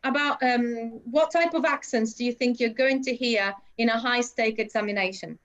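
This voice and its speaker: A woman's voice: a little high, moderate pace. Woman teacher over dull call audio. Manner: chatty, explanatory, many fillers. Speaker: English teacher. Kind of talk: online class teaching.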